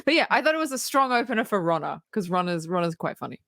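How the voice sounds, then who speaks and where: A woman's voice: fairly low pitch, big pitch swings, fast, fairly bright tone, no room sound, studio quality. A woman co-hosting a casual film review podcast, blunt and full of fillers and restarts. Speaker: podcast co-host.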